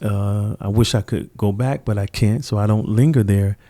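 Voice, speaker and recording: A man's voice: fairly low pitch, moderate pace, warm tone. A middle-aged man, a podcast guest, telling stories earnestly and reflectively, acting out the people he quotes. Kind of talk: conversational interview storytelling.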